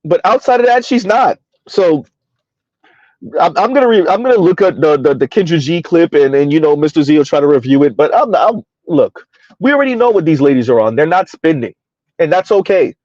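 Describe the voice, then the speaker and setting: A man's voice: fairly high pitch, animated, a little fast, a little mellow, no echo, muffled recording. A man hosting a casual livestream commentary, emphatic and rambling, chuckling between points. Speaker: commentary channel host.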